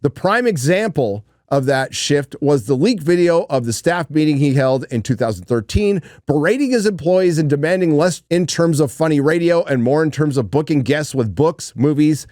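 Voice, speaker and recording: A man's voice: fairly high pitch, darkish tone, dry recording, studio quality. Blunt man rambling through commentary. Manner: rambling, blunt, swears casually. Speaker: livestream host. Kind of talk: casual commentary.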